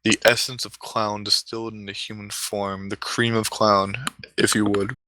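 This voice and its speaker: A man telling a comic story in a deliberate way, with dramatic pauses and asides. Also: fairly low pitch, little pitch movement, bright, forceful tone, dry recording.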